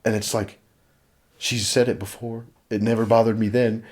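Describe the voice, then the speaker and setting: Low-voiced young guy rambling casually. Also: flat delivery, normal speed, a little mellow. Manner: rambling, filler-heavy, swears casually. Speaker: podcast host. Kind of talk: casual chat.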